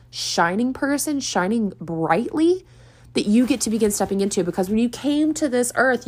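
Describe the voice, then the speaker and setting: A woman hosts her own spiritual podcast, speaking alone to her listeners in a casual, earnest monologue. Her voice sits on the lower side, and she laughs often as she talks. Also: a little mellow. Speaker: podcast host and spiritual coach.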